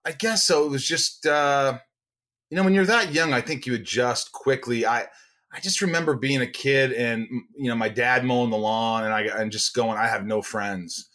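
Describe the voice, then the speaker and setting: A man's voice: medium pitch, normal speed. A middle-aged man, a podcast guest, telling casual stories and acting out the people in them. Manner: animated, acts out quoted people. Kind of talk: casual storytelling.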